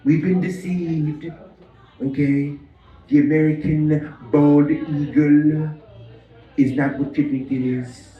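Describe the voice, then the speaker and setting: A man doing an impression of an older male president, talking slowly and rambling, recorded from a distance in a roomy club. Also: on the high side, darkish tone, dull audio. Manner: slow, drawn-out, rambling.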